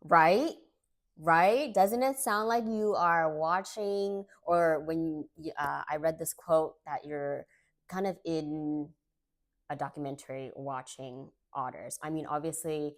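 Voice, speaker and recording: A woman with a low-pitched voice talks to camera in a casual book review vlog. She is chatty and gushing, filling her talk with likes and ums. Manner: chatty and gushing, with many fillers.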